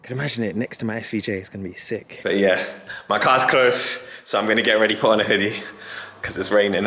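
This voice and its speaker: A man talking casually to camera in a vlog, gushing and excitable with quick laughs. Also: fairly low pitch, reverberant. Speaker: car vlogger.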